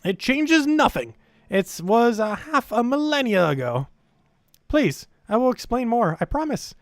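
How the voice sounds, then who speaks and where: A man's voice: extremely high pitch, very animated, measured pace, no echo, studio quality, soft background music, pitched above the performer's own voice, heavily acted. A man reading the lines of an urgent male fantasy ally in a game, in an earnest, pressing manner.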